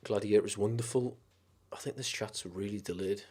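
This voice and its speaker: A man with a lowish voice talks loosely on a live stream and rambles from one film to the next. He swears freely and gets carried away with enthusiasm. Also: a little fast, darkish tone, husky. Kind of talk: casual live-stream chat.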